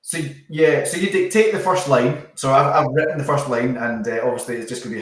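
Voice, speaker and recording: A man's voice: medium pitch, brisk, hardly any pauses. Chatty man in an echoey room. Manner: chatty, laughs easily, trips over words. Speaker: podcast guest, business founder. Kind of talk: casual podcast chat. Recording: echoey room, far from the mic.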